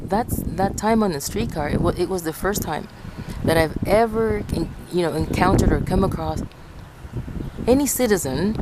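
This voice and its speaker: A woman's voice: fairly low pitch, lively intonation, normal speed, heavy background noise. A woman from Ecuador telling a personal story in a chatty, rambling way, correcting herself as she goes. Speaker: vlogger. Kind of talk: casual storytelling.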